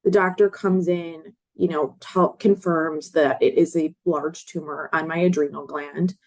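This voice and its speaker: A woman's voice: low-pitched, fairly even intonation, unhurried, darkish tone. A woman in her late twenties from Chicago, earnestly telling her own story as a guest and acting out the words of others. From Chicago, USA. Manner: earnest, acts out others' words in quoted voices. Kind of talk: personal storytelling in an interview.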